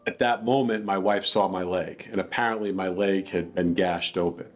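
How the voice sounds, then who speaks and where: A man's voice: sits low, fairly even intonation, moderate pace. A man earnestly telling a personal account in a plainspoken, reflective way. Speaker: dog attack victim telling his story.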